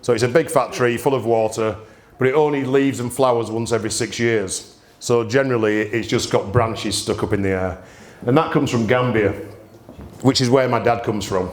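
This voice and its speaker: A man's voice: mid-range voice, fairly even intonation, moderate pace. A man, hosting a gin tasting and telling humorous stories in a chatty way, laughing often. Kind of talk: anecdotal storytelling presentation. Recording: roomy echo.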